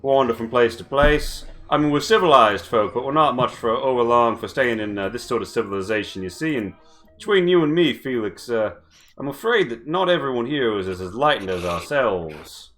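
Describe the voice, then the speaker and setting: A man's voice: medium pitch, lively intonation, normal speed, fairly bright tone, lightly acted. A man voicing a drunk, leering male rogue with a put-on British accent, chummy and pompous.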